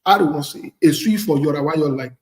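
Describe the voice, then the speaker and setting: A Liberian man hosts a casual talk show in a bold, blunt manner. His voice sits high for a man, and he drives each point home by repeating it. The recording sounds roomy, with a clear echo. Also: fast talker, darkish tone. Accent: Liberian English. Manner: blunt, preachy, repeats phrases for emphasis. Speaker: host.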